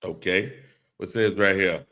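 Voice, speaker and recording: A man with a very low voice talks slowly and easily through a live-stream podcast. He reads viewers' comments aloud, chuckles along with them and keeps a relaxed, friendly chatter going. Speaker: podcast host reading live chat. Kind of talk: casual live-stream chat.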